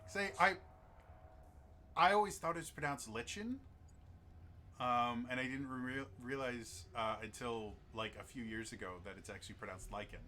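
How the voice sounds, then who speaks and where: A man's voice: mid-range voice, normal speed, sharp tone, a little hiss or hum. A man playing a tabletop game, chatting and explaining things at length. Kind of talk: casual game table talk.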